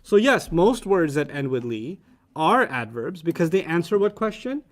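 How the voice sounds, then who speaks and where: A fairly high-pitched man leads a classroom lesson. He teases his students playfully and breaks into laughter as he explains. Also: sing-song. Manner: playful, teasing, quick to laugh. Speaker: teacher.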